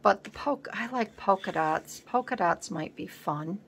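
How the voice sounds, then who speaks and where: Woman, collage artist host, casual crafting chat, thinks aloud, rambling, soft murmurs, gravelly voice. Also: mid-range voice, animated, normal speed, a little hiss or hum.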